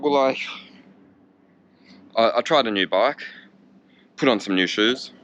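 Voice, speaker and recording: A man's voice: medium pitch, takes it slowly, pauses often, fairly bright tone, lo-fi sound. A man with an Australian accent chatting casually in a vlog outdoors in a park, joking and talking to himself, filmed on a handheld camera. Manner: chatty, jokey, talks to himself. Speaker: cycling vlogger.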